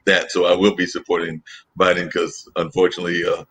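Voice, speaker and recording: Deep-voiced man, thoughtful. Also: monotone, a little fast, a bit bright, slightly rough. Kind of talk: casual political chat.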